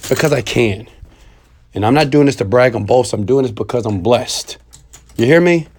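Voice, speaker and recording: A man in his thirties delivering a preachy motivational monologue to viewers, swinging between loud urging and quiet, intimate asides. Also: mid-range voice, normal speed, husky. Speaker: motivational speaker.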